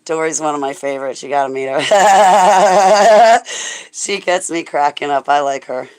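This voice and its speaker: A woman's voice: low-pitched, measured pace, a little mellow, poor audio. A woman hosting a rambling livestream chat with viewers, emotional and profane, often laughing, and at times praying aloud. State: stressed. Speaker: livestream host.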